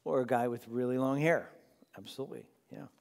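A man's voice: medium pitch, a little fast, creaky, darkish tone. Chatty man teaching a Bible class. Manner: chatty, laughs often, asks the room "right?". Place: large room with a group of listeners. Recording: long echo of a large hall.

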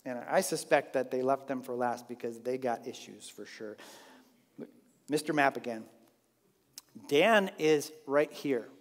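A man teaching a Bible lesson in an animated, conversational way with frequent restarts. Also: mid-range voice. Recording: long hall reverb.

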